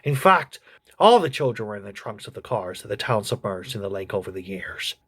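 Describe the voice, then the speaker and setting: A man voicing a crude, gossipy old male politician who reviews a TV show in a comedy sketch, with a husky voice. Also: fairly low pitch, very animated, brisk, fairly bright tone, full character voice. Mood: snarky.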